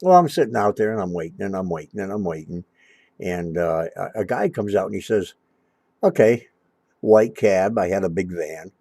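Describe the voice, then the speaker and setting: A middle-aged man spins a long personal story in a loose, rambling way, stumbling and restarting as he goes. His voice sits fairly low and mellow. The sound is dry, with no room around it. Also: animated, normal speed, gravelly, dry recording. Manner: rambling, restarts often, acts out quoted lines. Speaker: storyteller recalling his cab-driving days. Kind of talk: casual storytelling.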